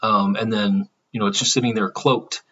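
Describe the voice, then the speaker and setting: A man's voice: on the low side, level tone, moderate pace, pushed and bright, slightly rough, recorded from a distance, muffled recording. A man talking casually to his channel, rambling with many fillers and restarts. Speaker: channel host. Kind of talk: casual spiritual vlog monologue.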